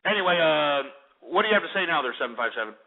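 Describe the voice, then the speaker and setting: Tierende radiopresentator met hoge stem. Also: male voice, fairly high pitch, sing-song, racing, phone-quality sound. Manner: ranting, profane, combative. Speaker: radio talk show host. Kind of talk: call-in talk radio rant.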